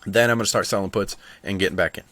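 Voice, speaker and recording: Man, lowish voice, casual stock market commentary, conversational, dry close sound. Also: racing, fairly bright tone, dry recording. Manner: conversational, thinks aloud with fillers and asides. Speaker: stock market video host.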